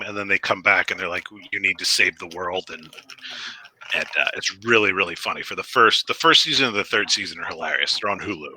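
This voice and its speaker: A man's voice: lowish voice, sharp tone, a little hiss or hum. A man with a New Jersey accent co-hosting a casual comedy chat, telling stories between laughs. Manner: laughing storyteller, quick asides. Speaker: co-host.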